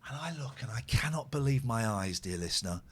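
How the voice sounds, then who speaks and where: A man hosting a casual podcast chat, telling a story in an animated, teasing and sweary way. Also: mid-range voice, a little fast, husky. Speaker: podcast host.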